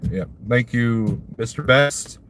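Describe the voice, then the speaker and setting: A man's voice: medium pitch, slow pace, a bit bright, a little hiss or hum. Chatty trucker man from Missouri. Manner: rambling and chuckly, laughs at his own jokes. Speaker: trucker livestreamer. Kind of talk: casual live-stream chat answering viewer comments.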